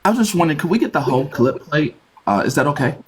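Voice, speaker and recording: A man with a fairly high voice speaks as a pastor, greeting his congregation with blessings. He is polite and preacherly, chuckling between phrases. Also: very animated, rapid-fire, a little hiss or hum. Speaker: pastor, party in a mock trial.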